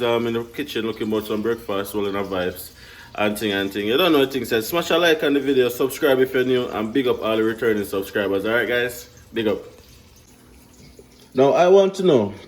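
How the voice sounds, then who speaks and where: Young Jamaican male vlogger, relaxed and chatty, mid-range voice, kitchen setting. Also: mid-range voice. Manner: laid-back, laughs often, repeats "big up" and "guys". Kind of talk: casual vlog chat. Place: home kitchen.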